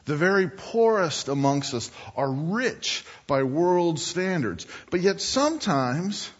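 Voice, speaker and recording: A man's voice: a little high, slightly rough. A man preaching a storytelling sermon in a church, drawing his listeners in with rhetorical questions. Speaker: guest preacher. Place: church sanctuary. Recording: dull church recording with long hall reverb.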